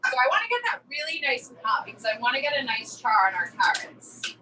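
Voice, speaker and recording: A woman chef from New Jersey in her thirties, telling a story in a chatty, animated way during a virtual cooking class. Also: a little high, fairly quick, far from the mic, slight background noise, rough recording.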